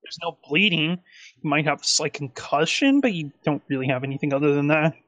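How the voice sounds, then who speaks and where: Guy running a tabletop game, kinda high voice, super dry close mic, lots of ums and likes. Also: brisk, dry recording, highs cut off. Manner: rambling, animated narration with many fillers. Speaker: game master.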